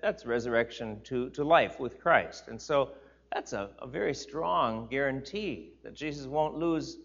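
A man leads an informal Bible lesson in a mid-range voice. He is chatty and emphatic, stacking repeated words for force and tossing asides to his listeners. The recording is a little dull and lo-fi. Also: medium pitch. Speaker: teacher of a Bible class. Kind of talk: informal sermon teaching.

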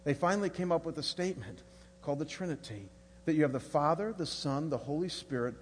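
Husky guy preaching, kinda high voice, long echo from a big church hall. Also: animated, fast, slight background noise. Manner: builds to loud, high-pitched preaching with repeated phrases. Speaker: pastor. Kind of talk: sermon.

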